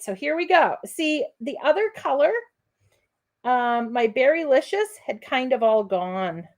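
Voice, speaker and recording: Slow-talking chatty woman crafting host. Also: high-pitched. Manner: chatty, encouraging, addresses viewers as friends. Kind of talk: live crafting demonstration.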